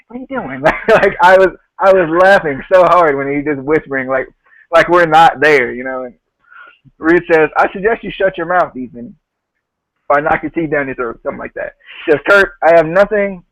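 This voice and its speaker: A man's voice: fairly high pitch, moderate pace, fairly bright tone, dry recording, poor audio. Chatty man recapping with frequent laughs. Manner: laughs often, quotes others in a loose retelling. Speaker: podcast host. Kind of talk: casual podcast recap.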